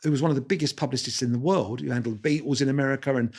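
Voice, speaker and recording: Animated older storyteller, man. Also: mid-range voice, very fast, slightly rough. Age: 60s. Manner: animated anecdotes with quoted voices and restarts. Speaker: guest photographer. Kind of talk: storytelling interview.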